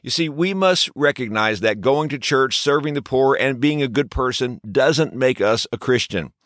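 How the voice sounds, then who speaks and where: A man's voice: medium pitch, expressive, normal speed, fairly bright tone, dry recording, studio quality. A man hosting a short daily devotional podcast, teaching in an earnest way with many rhetorical questions. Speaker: podcast host.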